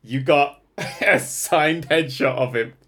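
A man's voice: fairly high pitch, takes it slowly, fairly bright tone. A man co-hosting a podcast in casual, sweary chat, laughing often. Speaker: podcast co-host.

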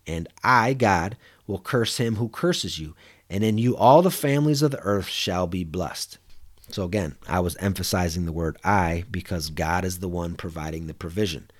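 Low-voiced man giving a chatty sermon. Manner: conversational, repeats words and says "you know" often. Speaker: preacher. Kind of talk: sermon with Bible reading.

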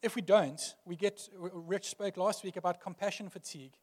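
High-voiced man preaching in a reverberant hall. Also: steady tone, normal speed. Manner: earnest preaching with repeated phrases and rising emphasis. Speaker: pastor. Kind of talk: sermon.

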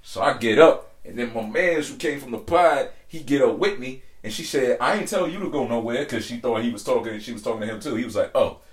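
A young man co-hosting a podcast, telling a story in a lively, slangy way. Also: mid-range voice, fast, hardly any pauses, echoey room. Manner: animated storyteller, slangy, keeps saying "you feel me". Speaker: podcast co-host. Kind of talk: casual storytelling chat.

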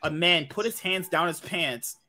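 A man co-hosting a casual podcast, telling crude stories in an animated way. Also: on the high side, moderate pace, a crowd in the background. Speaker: podcast co-host.

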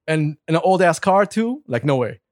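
Man from Saudi Arabia, 40s, fairly high voice, dry close sound, animated storytelling, laughs and swears. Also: normal speed, dry recording. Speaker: guest. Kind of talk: casual storytelling.

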